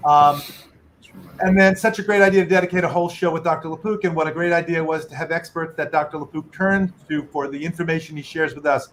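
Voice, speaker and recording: A chatty middle-aged man on a video call, tossing in little jokes as he reads. His voice sits a bit high for a man, and there is a faint hiss behind him. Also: steady tone, quick pace, a bit bright. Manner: chatty, jokey, reads donations aloud with asides. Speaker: medical correspondent co-hosting. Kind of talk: casual video call chat.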